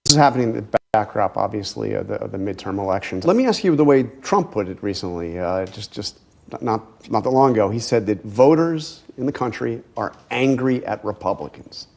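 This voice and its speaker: A man's voice: fairly low pitch, animated, vocal fry, a little mellow. Pressing male political interviewer. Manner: pressing, probing, halting restarts.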